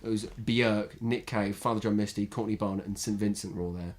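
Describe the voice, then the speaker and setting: A man's voice: on the low side, fairly even intonation, brisk. A young man from England co-hosting a podcast in casual chat, rambling and repeating words as he talks. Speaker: podcast co-host.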